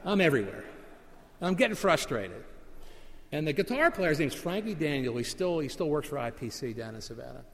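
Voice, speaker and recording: Middle-aged man, pastor, sermon; chatty storyteller, slightly high voice, long hall echo. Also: big pitch swings, fairly bright tone. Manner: conversational storytelling, with slow emphatic repeats.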